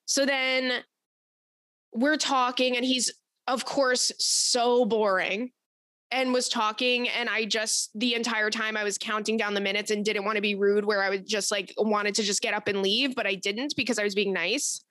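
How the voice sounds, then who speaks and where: Blunt, bright-voiced woman podcast host. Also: mid-range voice, normal speed, no echo. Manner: blunt, profane and animated. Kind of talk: casual storytelling chat.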